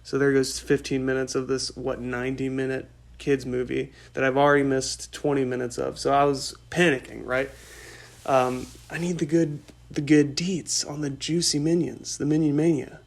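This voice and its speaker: A man in his twenties hosting a podcast, telling a rambling story in an excitable way and laughing often. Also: medium pitch, moderate pace, gravelly. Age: 20s. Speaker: podcast host. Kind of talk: casual storytelling monologue.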